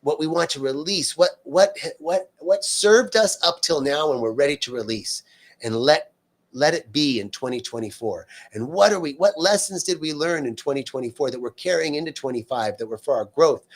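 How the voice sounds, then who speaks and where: A man's voice: on the high side, normal speed. Earnest man giving a spiritual talk live. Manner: earnest, repeats words for emphasis; loose and unscripted, frequent fillers and restarts. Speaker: spiritual teacher hosting a live stream. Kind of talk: live-streamed spiritual talk answering viewer comments.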